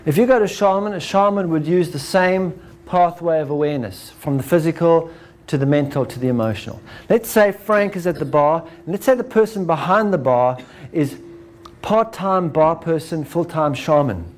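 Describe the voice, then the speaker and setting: A man's voice: a little high, normal speed. A man presenting a spiritual talk to a live audience in a casual style, often checking in with "right?". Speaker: speaker presenting his book and method.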